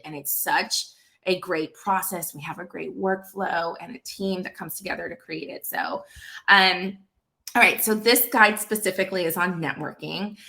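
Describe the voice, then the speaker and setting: A woman in her thirties, founder of an association, telling a casual story full of fillers and lively quoted dialogue. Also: on the low side. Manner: chatty, lots of fillers, animated quoted dialogue.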